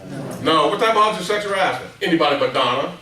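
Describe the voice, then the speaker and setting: A man's voice: fast talker, distant mic, background noise. A middle-aged man presenting a workplace training seminar to a live room, telling stories and asking the audience questions. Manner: storytelling, asks the audience questions, acts out quotes in a high excited voice. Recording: echoey room, speaker away from the mic.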